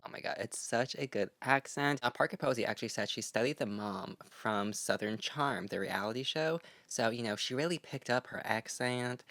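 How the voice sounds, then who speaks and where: Young male vlogger, chatty and gushing, gravelly voice, dry close sound. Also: mid-range voice, a bit bright, dry recording. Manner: chatty, gushing, playful asides. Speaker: fashion vlogger. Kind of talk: casual magazine review vlog.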